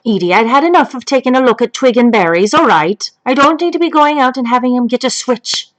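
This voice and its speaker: A woman's voice: fairly high pitch, expressive, a little fast, a bit bright, low-quality recording. A woman playing a foul-mouthed elderly grandmother who rambles off topic and swears constantly. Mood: gossipy. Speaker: grandmother telling a story. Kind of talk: comedic improvised chat.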